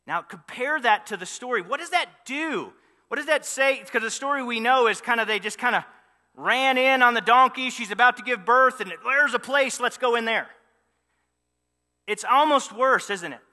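High, bright-voiced man preaching in a hall. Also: normal speed. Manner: animated storytelling with rhetorical questions. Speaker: pastor. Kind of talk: sermon.

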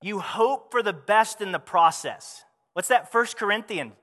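A man preaching a sermon, his voice high and bright with a tense edge. He talks to the congregation conversationally, tossing out rhetorical questions. A long reverb hangs on his words as if in a large hall. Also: unhurried. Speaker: pastor.

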